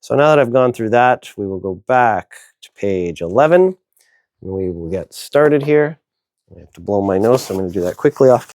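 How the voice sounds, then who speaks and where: A man's voice: on the low side, animated, moderate pace, darkish tone, no room sound, studio quality. A man narrating a hobby kit build in a casual, chatty way, thinking aloud with many fillers and sounding tired and yawny. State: yawning, tired. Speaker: hobby video host.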